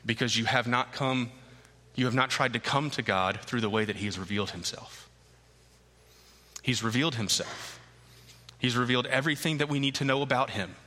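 A man preaching a sermon as pastor, emphatic and repeating key phrases with slow, deliberate stresses. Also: mid-range voice, pushed and bright, long reverb tail. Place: church sanctuary.

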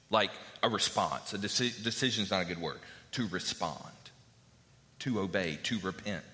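A man's voice: medium pitch, bright, forceful tone, long reverb tail. A man preaching a sermon as a pastor, talking in a conversational way with fillers and repeated phrases.

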